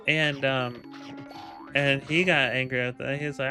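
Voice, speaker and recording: A man's voice: fairly high pitch, moderate pace, music in the background. A man casually telling a rambling, profane story, full of ums, laughs and quoted lines. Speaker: gaming video creator. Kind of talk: casual storytelling over gameplay.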